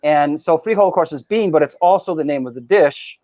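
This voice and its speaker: A man's voice: fairly high pitch, fairly quick, no echo. A man chats easily as a guest, circling back and restarting his sentences as he tells his stories. The sound is dry and close, with a slightly dull, lo-fi band. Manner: chatty storyteller with many restarts. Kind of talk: casual chat.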